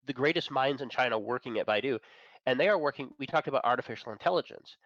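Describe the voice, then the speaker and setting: A man with a medium-pitched, slightly bright voice talks fast, recorded dry and sounding dull. He's a guest on a talk show, the managing editor of an entertainment and tech site, chatting casually in an enthusiastic, opinionated way and chuckling between points.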